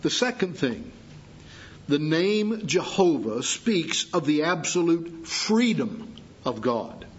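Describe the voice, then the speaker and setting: A man delivers a sermon in a measured, teaching manner, pausing to let points sink in. His voice sits a little high and sounds husky. The recording is dull and lo-fi. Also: big pitch swings. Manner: measured, deliberate teaching with pauses for emphasis. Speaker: preacher.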